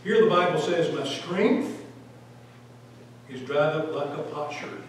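A man teaching a Bible study in church, quoting verses with animated voices and asking the class questions. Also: on the high side, measured pace, slight background noise. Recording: echoey room taped from a distance.

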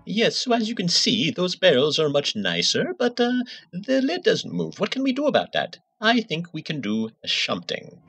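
Brief: male mod author hosting a comedy trailer, bright, very lively pitch, music underneath. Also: moderate pace, hardly any pauses, breathy edge.

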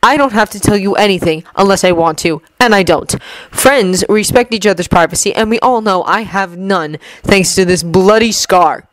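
A woman's voice: mid-range voice, normal speed, dry recording, close to an everyday voice, rough recording. A defiant teenage boy wizard, curt and resentful, read by a woman in a close, dry recording. He sounds fed up and guarded, snapping back at his friends. It is a plain, lightly acted storybook voice.

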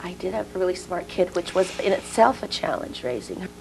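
Gravelly lady in her sixties chatting in an interview, tells stories and does all the voices, bit of hum behind. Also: lowish voice, animated, fairly quick, rough recording. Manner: storytelling, acts out quoted dialogue. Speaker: interview guest. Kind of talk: casual interview chat.

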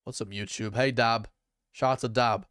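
A young man chatting excitedly to his viewers as he streams a game, reacting loudly and calling out to chat. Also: medium pitch, moderate pace, smooth, no room sound, clean studio sound. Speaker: gaming streamer. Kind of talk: live gameplay commentary.

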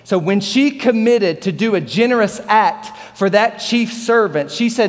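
A man in his thirties preaching a sermon as pastor, animated and joking, acting out the Bible characters in different voices. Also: sits high, unhurried, long reverb tail. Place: large church hall.

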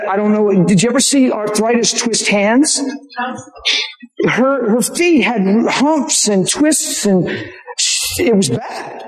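A man preaching an animated sermon, telling stories and acting out the people in them, laughing often. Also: high voice. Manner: excitable, acts out quoted people, laughs often. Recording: roomy live venue recording.

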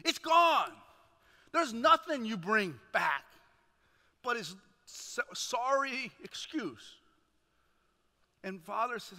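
A male chaplain delivers an energetic sermon retelling a parable in a church sanctuary, animated and calling out "right?" to check in with the congregation. His high, bright voice edges toward sharp, and he speaks slowly with long pauses. Each phrase trails off into the long reverb of the church hall.

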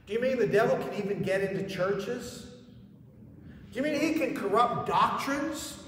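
High-voiced male pastor preaching with rhetorical questions, heard from far off in an echoing church. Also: animated, normal speed, slight background noise. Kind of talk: sermon. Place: church sanctuary. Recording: echoey hall from far off.

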